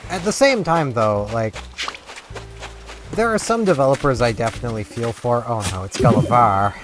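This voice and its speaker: A man's voice: mid-range voice, expressive, normal speed. A man rambling casually as a gaming vlogger, in scattered talk full of restarts. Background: game music.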